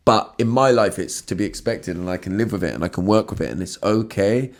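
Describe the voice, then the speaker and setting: Man, very deep voice, earnest and emotional, stumbling repeats, casual swearing, solo podcast. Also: expressive, a little fast, hardly any pauses. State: emotional, has been crying. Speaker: podcast host.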